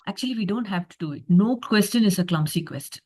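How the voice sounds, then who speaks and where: A woman's voice: mid-range voice, animated, quick pace, dark tone. A woman presenting a reflective coaching masterclass on a video call, talking with frequent fillers and acting out a coach's inner thoughts. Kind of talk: online masterclass talk.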